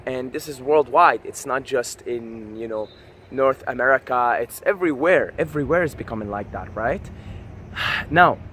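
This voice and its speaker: A man's voice: medium pitch, a bit bright, slight background noise. A man vlogging in a casual motivational monologue, passionate and profane, often asking "right?".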